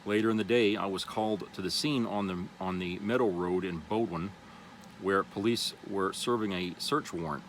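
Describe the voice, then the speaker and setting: A man's voice: deep voice, moderate pace, slight background noise, low-quality recording. A man vlogger reads an article aloud, then comments casually and loosely, with many fillers. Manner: loose and rambling, with many "you know" fillers.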